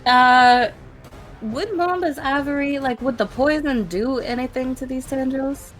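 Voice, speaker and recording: A woman's voice: sits high, a little slow, fairly bright tone, soft background music. A woman player in a tabletop game, sick with a cold, chatting casually with many ums and uhs. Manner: chatty and filler-heavy. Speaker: player and streamer.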